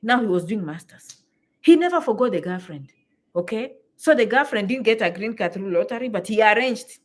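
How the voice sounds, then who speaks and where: A woman, telling stories to her viewers in a lively, exclamatory way and repeating phrases for emphasis. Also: medium pitch, fairly quick. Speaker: vlogger. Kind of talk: animated storytelling to camera.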